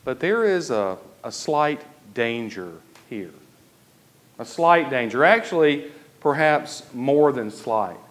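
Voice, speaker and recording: An Episcopal priest preaches a sermon in a church, slow and deliberate, stretching out key phrases for emphasis. His voice is medium-pitched and expressive.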